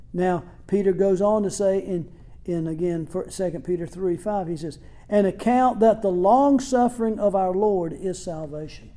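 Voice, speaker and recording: A man's voice: sits high, warm tone. A male pastor preaching a sermon in an earnest, emphatic way, often restarting phrases, and closing in prayer.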